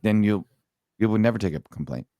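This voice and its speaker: Very deep-voiced blunt ex-cop man. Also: animated, fairly quick, warm tone, no echo, highs cut off. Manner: blunt, profane war-story telling. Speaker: former police sergeant, podcast guest. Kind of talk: casual storytelling in a podcast chat.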